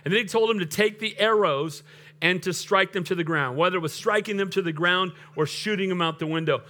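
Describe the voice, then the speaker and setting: A man's voice: high voice, a little fast, pushed and bright. A middle-aged male pastor preaching a sermon, telling stories and acting out the figures in the scripture he quotes.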